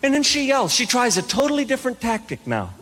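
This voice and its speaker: A male stand-up comedian telling a bedtime story to a live audience, animated and mock-stern. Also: very high-pitched, fast talker. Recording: noisy live room.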